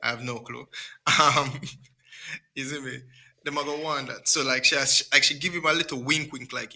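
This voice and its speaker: A man's voice: mid-range voice, steady tone, normal speed, pushed and bright. A young man, co-hosting a casual podcast chat in a laid-back, slangy way. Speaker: podcast co-host.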